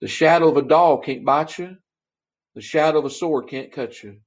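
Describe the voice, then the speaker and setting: A man preaching a sermon from home at his computer, impassioned, swinging from soft lines to rising calls. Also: a little high. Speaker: pastor. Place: home room in front of a computer. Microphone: computer mic.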